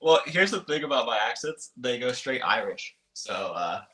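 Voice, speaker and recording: A young man in his twenties, a motocross racer guesting on a podcast, chats casually in a roomy, echoing space. His medium-pitched voice is expressive, bright and forceful at a moderate pace, though he hesitates a lot with ums and restarts.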